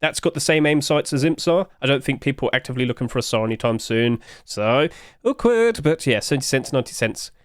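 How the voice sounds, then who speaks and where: A man hosting a gaming channel, rushing through casual market commentary, rambling and correcting himself as he goes. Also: medium pitch, steady tone, no echo, studio quality. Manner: quick, rambling, self-correcting, chuckles often.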